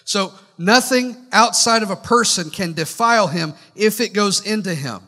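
A man's voice: high-pitched, moderate pace, pushed and bright. A male pastor delivering a sermon, speaking conversationally with wry asides and putting questions straight to his congregation. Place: church sanctuary. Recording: long hall reverb from church sanctuary.

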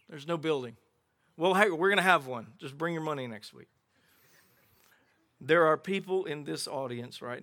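A middle-aged man preaching a sermon as pastor, telling Bible stories with animated voices for the characters. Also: fairly high pitch. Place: outdoor gathering without a building.

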